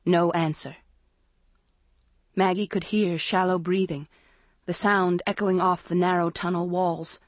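A woman narrating an audiobook in a slow, measured suspense reading. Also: on the low side, steady tone, dry recording. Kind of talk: scripted narration.

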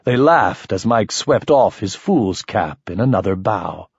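A male audiobook narrator with a lowish, husky voice that rises and falls with the story. The read is close and dry, on a dull, lo-fi recording. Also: a little slow, dry recording. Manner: expressive, shifting voices for characters. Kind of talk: first-person fiction narration.

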